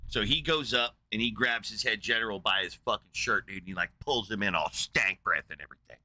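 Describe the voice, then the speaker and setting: A man's voice: fairly low pitch, brisk, bright, forceful tone, no room sound. A young man telling a crude, slangy story and arguing aggressively.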